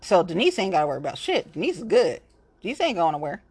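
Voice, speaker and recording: A woman's voice: lowish voice, very animated, quick pace, darkish tone, husky. A woman talking in a casual monologue, blunt and heavily profane, rambling from one complaint to the next. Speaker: local political activist.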